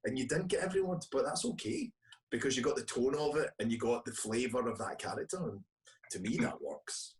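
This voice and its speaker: A man's voice: mid-range voice, animated, a little fast. Scottish guy rambling casually, lots of restarts, sounds far from the mic. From Scotland. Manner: rambling, hesitant, many restarts. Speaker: guest actor. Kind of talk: casual interview chat. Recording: distant from the mic.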